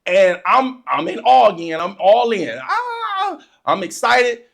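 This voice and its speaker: An animated storyteller telling a funny childhood story, laughing often and acting out the excitement in casual, informal speech. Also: mid-range voice, measured pace, creaky. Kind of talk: comedic personal storytelling.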